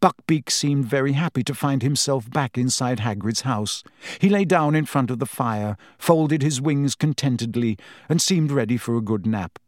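Brief: male audiobook narrator, mid-pitched, even pacing, dead-dry booth. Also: moderate pace, dry recording. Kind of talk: scripted narration.

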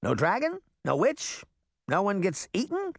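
A man's voice: high voice, wildly swooping pitch, a little slow, creaky, no room sound, studio quality, pitched above the performer's own voice, exaggerated voice. A man voicing a brash, cocky boy trickster fairy who teases and boasts. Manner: cocky, teasing.

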